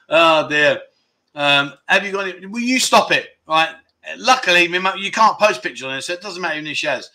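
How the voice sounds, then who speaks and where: A man hosting a livestream, reading viewer comments aloud and reacting with loud, jokey exclamations. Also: high voice, normal speed. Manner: excitable, jokey, exclaiming loudly. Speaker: livestream host.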